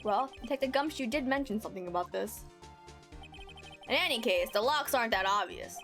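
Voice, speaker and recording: A woman voicing an earnest young male defense lawyer in a video game, with a firm, deliberate courtroom delivery. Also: on the high side, lively intonation, fairly bright tone, soft background music. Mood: assertive.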